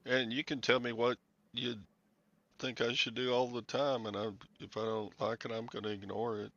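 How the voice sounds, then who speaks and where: A man's voice: mid-range voice, flat delivery, moderate pace, fairly bright tone, highs cut off. A man hosting a casual live chat, blunt and dry-humored. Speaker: host of a livestream.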